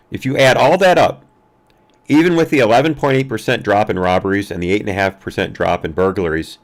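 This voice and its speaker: Deep-voiced man hosting news commentary. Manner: halting, many fillers and restarts. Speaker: live-stream news commentary host.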